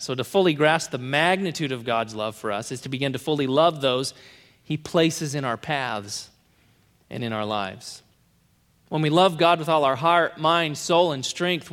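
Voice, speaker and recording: A man preaching a sermon in an earnest way, repeating key phrases and letting his sentences fall to soft endings. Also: medium pitch, big-room sound.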